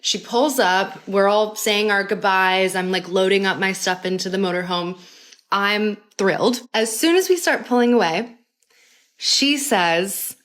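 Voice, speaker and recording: A woman's voice: mid-range voice, unhurried, fairly bright tone. A young adult woman narrating a personal story in a casual storytime chat, full of fillers and wry asides.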